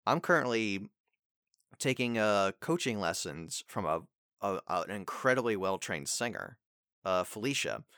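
Voice actor guy chatting, bright ringing voice, dry close mic. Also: on the low side, animated, a little slow, smooth, no echo. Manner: loose, rambling advice with fillers and acted line readings. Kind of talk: casual chat.

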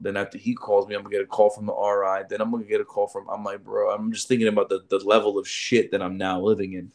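New guy, low voice, telling a recruiter story all animated, doing everybody's voices. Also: quick pace, hardly any pauses. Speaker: military recruiter. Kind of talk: casual storytelling chat.

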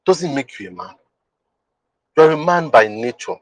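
A man's voice: fairly high pitch, expressive, measured pace, rough recording. A man hosting a podcast who teaches in an emphatic, repetitive way and often asks the listener whether they understand. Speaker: podcast host. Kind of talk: teaching monologue.

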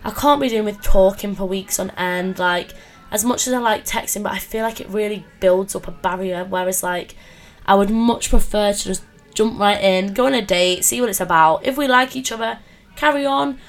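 A young woman, telling dating stories in a chatty, animated way with lots of fillers. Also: mid-range voice, normal speed. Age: 20s. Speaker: podcast host. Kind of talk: casual storytelling chat.

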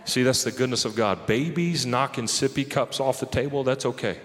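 A man's voice: mid-range voice, normal speed. A man preaching a sermon in a loose, conversational way, often laughing and talking straight to the crowd. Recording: long hall reverb.

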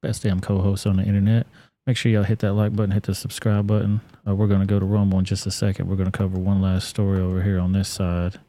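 A man's voice: low-pitched, monotone, fast, few pauses, warm tone. A man hosting a live stream, commenting casually and with plenty of profanity. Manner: casual and profane, loose with fillers.

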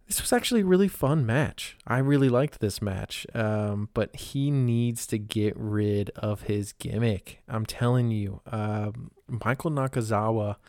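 A man's voice: on the low side, a little slow, few pauses, a little mellow, no echo, clean studio sound. A man hosting a wrestling podcast alone, talking casually in a blunt, rambling way with lots of fillers and frequent swearing. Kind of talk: casual solo recap.

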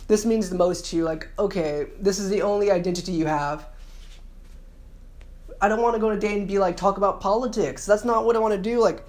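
A man's voice: sits high, darkish tone. A man ranting in a casual monologue, annoyed and sarcastic, sometimes mocking others in put-on voices. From San Francisco Bay Area. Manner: mimics women in mocking voices. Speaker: vlogger.

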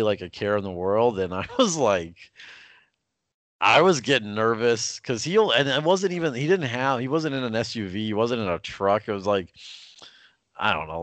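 A man's voice: fairly low pitch, a bit bright, no echo. A young man, co-hosting a casual sports podcast and telling a story with lots of fillers and restarts. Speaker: podcast co-host.

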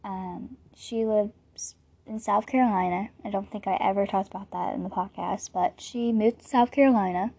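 A woman's voice: mid-range voice, fairly even intonation, normal speed, gravelly, a little mellow, slightly rough. A woman in her late teens hosting a podcast, telling stories in a loose, rambling way with lots of "like" fillers. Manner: rambling storytelling, full of "like" fillers. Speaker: podcast host. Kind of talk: casual podcast monologue.

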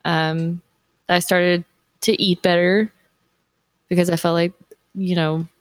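A woman's voice: on the low side, little pitch movement, takes it slowly, dry recording. A woman in her thirties, a mother, talking candidly and rambling, with lots of "like" fillers. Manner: rambling, heavy use of "like". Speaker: guest, mother and streamer. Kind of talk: candid casual conversation.

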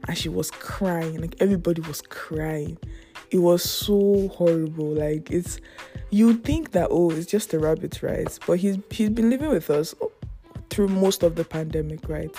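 A woman's voice: on the low side, a little slow, mellow, soft background music. A young woman hosting her own podcast in casual solo chat, rambling and playful, often laughing. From Yoruba family background. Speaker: podcast host.

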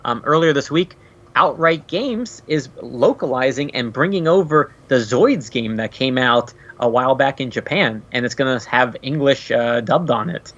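A chatty man co-hosting a relaxed gaming podcast, his talk full of loose "like" fillers. His voice sits at an ordinary pitch. The recording is a little dull and lo-fi. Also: moderate pace. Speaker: podcast co-host. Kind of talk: casual chat.

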